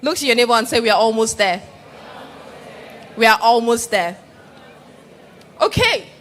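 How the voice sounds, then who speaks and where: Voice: mid-range voice, moderate pace, slight background noise. An event host playfully working the audience and prompting them to respond. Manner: playful, energetic, prompts the crowd. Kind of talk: audience engagement.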